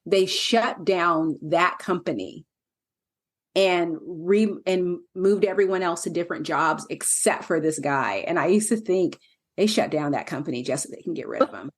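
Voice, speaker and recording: A woman hosting a podcast, talking in a relaxed, reflective way. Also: fairly low pitch, normal speed. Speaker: podcast host. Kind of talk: casual podcast conversation.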